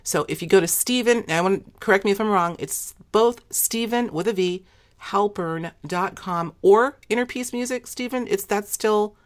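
A woman hosting an interview, talking emphatically in quick bursts and laughing often. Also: mid-range voice. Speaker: interview host. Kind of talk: enthusiastic interview chat.

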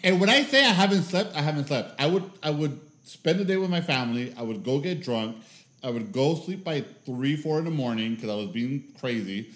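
Lively self-mocking man on a podcast. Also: medium pitch, brisk, reverberant. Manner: lively, self-mocking storyteller, swears, laughs. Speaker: podcast co-host. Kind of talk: casual chat.

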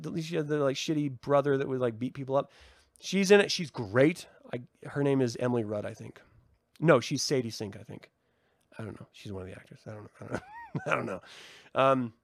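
A man hosting his own podcast, excitedly chatting, laughing and swearing often. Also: a little high, no room sound, studio quality. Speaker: podcast host. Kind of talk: casual podcast chat.

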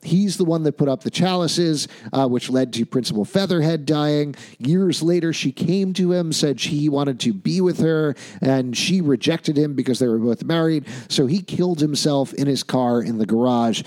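A man's voice: on the high side, normal speed, few pauses, a little mellow. A man co-hosting a podcast, recapping a TV episode in casual chat with wry, analytical asides. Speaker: podcast co-host.

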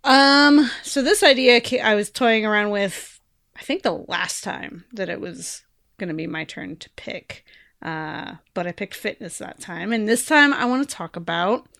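Gravelly-voiced woman chatting casually. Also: medium pitch, lively intonation, a little slow, a bit bright, no room sound, clean studio sound. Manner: rambling, many fillers and trailing-off phrases. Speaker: podcast co-host. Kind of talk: casual podcast chat.

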